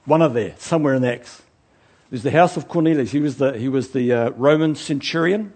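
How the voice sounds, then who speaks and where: A man preaching a sermon in an animated way, swinging from loud outbursts to quiet asides, chatty and joking at his own expense. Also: mid-range voice, brisk. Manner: chatty, self-mocking and joking.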